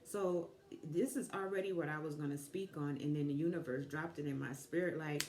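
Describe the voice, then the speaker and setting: A woman in her fifties, a life coach giving a motivational talk, telling a personal story reflectively with pauses. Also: low-pitched, fairly even intonation, darkish tone, a little hiss or hum. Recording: echoey room.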